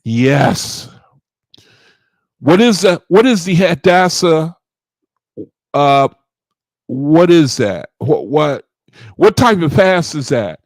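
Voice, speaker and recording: A man hosts a study group livestream from his computer, slow and unhurried, his fairly high voice swinging up and down. He chats with viewers, repeating his questions. The sound is dry and close. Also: very animated, no room sound. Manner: repeats phrases, asks the chat questions. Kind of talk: casual livestream talk with chat.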